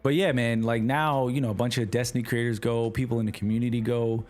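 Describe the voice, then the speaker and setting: Casual male streamer, New York accent, mid-pitched, slangy and easygoing, faint game music under him. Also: fast. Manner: relaxed, slangy, talks to chat. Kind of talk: casual livestream chat while gaming.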